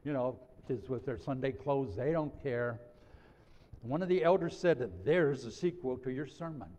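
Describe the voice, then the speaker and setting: Man, pastor, preaching, warm dark voice, long hall echo, dull sound. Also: medium pitch. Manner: measured, slows down on scripture quotes. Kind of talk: sermon. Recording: dull audio in a reverberant hall.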